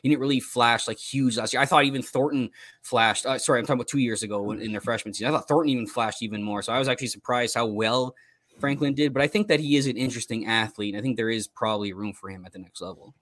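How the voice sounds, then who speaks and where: A man's voice: mid-range voice, fairly even intonation, fast talker, a bit bright, no room sound. A man casually weighing up football prospects on a group call, thinking aloud with frequent restarts. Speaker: fantasy football analyst. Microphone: online call.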